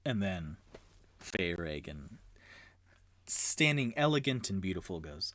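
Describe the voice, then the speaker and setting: A man with a low voice narrates a tabletop game he runs and plays by himself. His storytelling is unhurried but rises and falls with a lively melody. The sound is dry and close. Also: no room sound. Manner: animated storytelling. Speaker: dungeon master and solo player.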